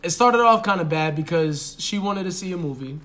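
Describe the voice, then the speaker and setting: A man co-hosting a podcast, starting his own dating story in a relaxed, joking, profane way. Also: sits high, fairly quick. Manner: joking, profane, mocking voices. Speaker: podcast co-host. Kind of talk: casual storytelling chat.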